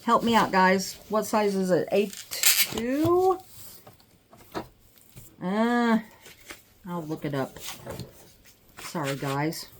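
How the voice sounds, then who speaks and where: A middle-aged woman vlogging an unboxing at home, gushing and chatting excitedly with her viewers. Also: on the low side, slow pace, pauses often, noisy background. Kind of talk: casual unboxing vlog.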